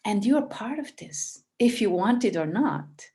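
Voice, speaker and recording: A woman giving a calm, reflective spiritual talk as a teacher. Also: mid-range voice, unhurried.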